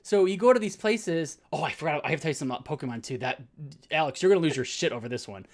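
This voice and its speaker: Excited man rambling about games. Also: fairly high pitch. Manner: excited, rambling, fast bursts. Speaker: podcast co-host. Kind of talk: casual chat.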